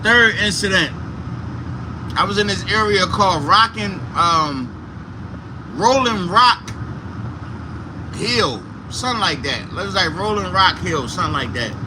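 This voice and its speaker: A man on a livestream, talking from inside his vehicle while driving, telling a story in an animated, profane way with sound effects. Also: high voice, a little slow, pauses often. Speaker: livestream host. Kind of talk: casual storytelling. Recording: car noise in background.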